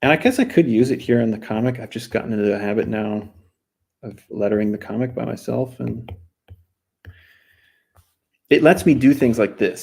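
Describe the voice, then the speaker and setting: A man's voice: on the low side, vocal fry, a little mellow, slightly rough. A man chatting casually while he draws on a stream, rambling and thinking aloud. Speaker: artist streaming while drawing. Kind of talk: casual chat. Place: lives in Germany.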